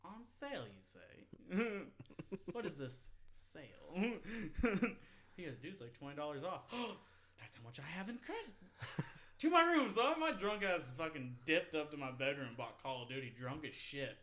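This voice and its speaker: A man's voice: fairly high pitch, sing-song, moderate pace, a bit bright, a little hiss or hum. A man in his twenties telling a long party story in casual, rambling, profane chat, often laughing. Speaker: podcast host.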